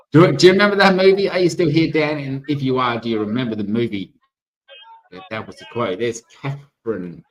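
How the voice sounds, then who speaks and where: A man's voice: medium pitch, low-quality recording. A man from Australia with an Australian accent, chatting casually on a livestream, rambling, musing aloud and greeting viewers from the chat. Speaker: livestream co-host.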